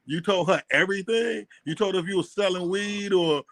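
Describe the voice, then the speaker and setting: A man's voice: high voice, fairly quick, fairly bright tone, no room sound. A man calling into a livestream, asking questions in casual slang. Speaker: call-in guest.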